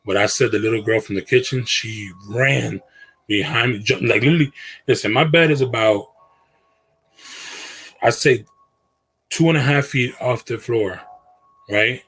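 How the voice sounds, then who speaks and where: A man's voice: mid-range voice, unhurried, long pauses, fairly bright tone, husky, rough recording. A man hosting a casual livestream from his bedroom, talking to viewers in slangy, earnest speech that often trails off and restarts. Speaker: livestream host.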